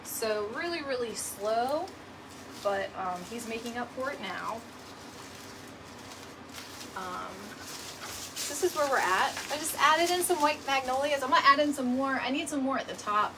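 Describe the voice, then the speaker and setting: A woman's voice: high voice, lively intonation, unhurried, long pauses. A middle-aged woman, chatting casually and laughing often while hosting a live DIY decor video. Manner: chatty, laughs often, says "y'all" and "right?". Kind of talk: casual livestream chat while crafting. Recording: mic at a distance, audible room noise.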